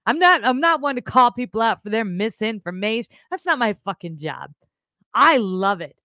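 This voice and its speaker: A woman hosting a live podcast stream, chatting casually in a blunt, animated way, with rambling asides and swearing. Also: on the high side, normal speed, dry recording, clean studio sound. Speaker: podcast host.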